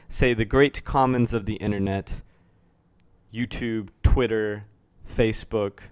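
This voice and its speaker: A man's voice: lowish voice, clean tone. Sardonic, foul-mouthed man ranting. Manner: sardonic, profane, rambling. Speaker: YouTube commentator. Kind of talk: casual commentary rant.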